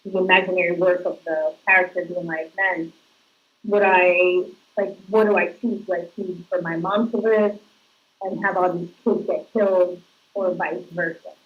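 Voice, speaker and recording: A woman's voice: lowish voice, fairly even intonation, normal speed, phone-quality sound. A woman actress giving casual, chatty interview answers, laughing as she tells stories. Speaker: actress guest.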